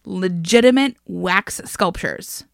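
A woman co-hosting a podcast tells a story in casual chat, laughing often and swearing freely. Her voice is low-ish, slow and gravelly, recorded cleanly in a studio with no echo.

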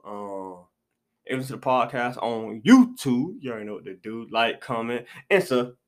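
A man's voice: mid-range voice, normal speed. A young man hosting a casual podcast chat, loose and slangy, repeating his phrases as he goes. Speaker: podcast host.

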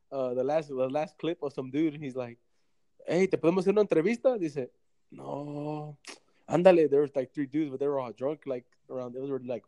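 A man's voice: fairly high pitch, dark tone, no echo. A young man telling rambling, profane stories in a casual podcast chat. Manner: rambling, profane, slangy storytelling. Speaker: storyteller.

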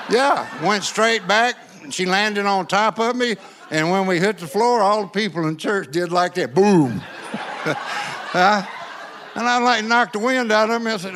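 A man's voice: high-pitched, moderate pace, gravelly, a bit bright, a little hiss or hum. A man preaching in a church, telling a funny story in a folksy way and calling on the crowd to answer back. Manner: folksy, joking, call-and-response with the crowd. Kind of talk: sermon with humorous storytelling.

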